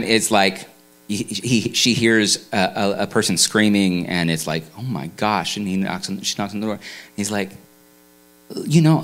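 A man's voice: on the low side, fairly bright tone. A man preaching a sermon in a conversational way, full of restarts and fillers. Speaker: pastor.

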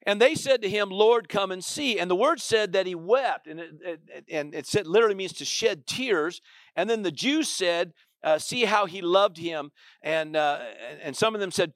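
A man's voice: high voice, no room sound, clean studio sound. A male pastor preaching a conversational sermon, repeating and restarting phrases as he builds up. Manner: conversational, repetitive, animated preaching.

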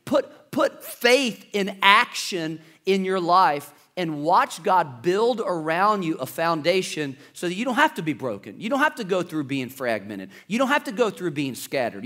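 A man's voice: sits high, a bit bright. A man preaching a sermon as pastor, reading scripture and acting out the panicked voices of the people in the story.

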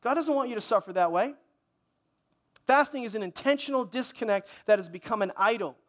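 A man's voice: high voice, lively intonation, a little fast. A male pastor preaching a sermon at a church service, conversational, with repeated words and restarts.

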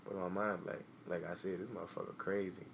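A man's voice: deep voice, little pitch movement, quick pace, vocal fry, heavy background noise. A man co-hosting a casual podcast, talking bluntly, swearing freely and acting out what he would say. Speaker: podcast co-host. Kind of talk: casual chat.

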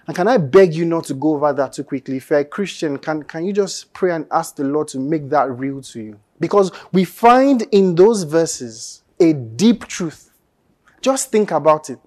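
A man's voice: fairly high pitch, lively intonation, unhurried, a little mellow. A man in his thirties with a Nigerian accent, preaching a sermon in an earnest, conversational way that builds to emphatic peaks. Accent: Nigerian English.

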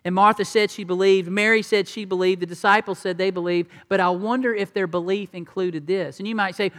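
A preacher delivers a conversational sermon in a fairly high voice, acting out the lines of the people he describes. His voice rings out with a long hall reverb, as if captured in a large church. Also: steady tone, a little fast, few pauses, a bit bright. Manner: conversational, acts out quotes. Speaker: pastor.

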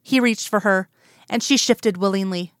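Woman narrator, calm storytelling, smooth clear voice, dry close recording. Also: medium pitch, normal speed, dry recording. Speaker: audiobook narrator. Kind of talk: reading romance fan fiction aloud.

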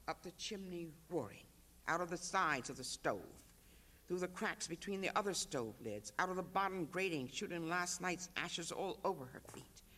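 An author reads a literary excerpt aloud at a panel. The voice sits high for a man and the narration moves at an even, rhythmic pace. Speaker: author reading. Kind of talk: literary reading.

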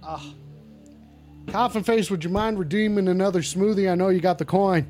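A man with a high voice hosts a call-in show, loud-mouthed and blustering, full of curses and repeated lines. Faint music plays behind him. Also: moderate pace. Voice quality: brash, blustering and profane, often repeats himself. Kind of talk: comedic call-in livestream in character. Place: indoors at home.

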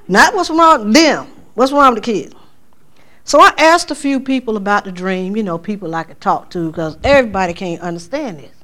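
A woman tells a testimony to a church congregation. She storytells with lively energy, and her pitch shoots up when she acts out her own cries. Her delivery is loose and conversational. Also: a little fast. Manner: animated storytelling, voice climbing high for quoted exclamations. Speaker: speaker giving a testimony at church. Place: church sanctuary.

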